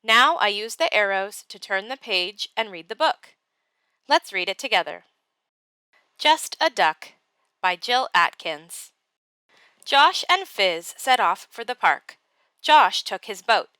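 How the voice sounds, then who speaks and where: Brief: patient woman teacher, bright, clear voice, dry close sound, guiding a class step by step. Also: medium pitch, animated, no room sound. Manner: slow, patient step-by-step explaining. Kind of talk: classroom tutorial and read-aloud.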